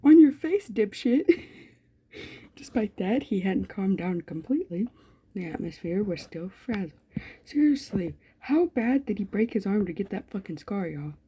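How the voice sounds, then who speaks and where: A woman's voice: mid-range voice, lively intonation, measured pace, warm tone, breathy edge. A woman, a gaming YouTuber, reading a story game aloud with running commentary, giggling often and swearing freely. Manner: giggly, profane, frequent laughter.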